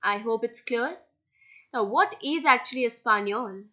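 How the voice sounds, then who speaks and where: A woman's voice: fairly high pitch, animated, unhurried, highs cut off. A young woman teaching a beginner language lesson, patiently spelling words out letter by letter. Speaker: Spanish language tutor. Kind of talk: slide-based language lesson.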